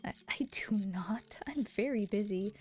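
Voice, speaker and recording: A woman's voice: mid-range voice, normal speed, soft background music, lightly acted. A woman voicing a peppy, determined young foreign woman who talks earnestly and stammers when flustered.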